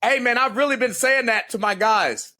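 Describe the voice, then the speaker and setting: A man in his forties, a podcast guest and former Navy SEAL, telling stories in a casual, profane, animated way and laughing often. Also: extremely high pitch, normal speed. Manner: profane, animated, laughs a lot, does voices.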